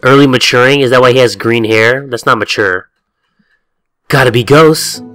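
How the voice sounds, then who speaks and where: A man's voice: medium pitch, brisk, smooth, faint music behind. A man hosting a let's-play video, joking and swearing while he reads the game's text aloud. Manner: animated, jokey and profane, slipping into silly voices. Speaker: gaming video host.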